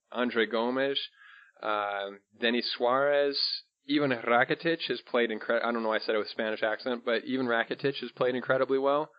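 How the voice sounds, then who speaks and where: A man co-hosting a podcast, talking football in a casual, conversational way with fillers and restarts. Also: lowish voice. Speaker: podcast co-host. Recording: dull lo-fi podcast audio.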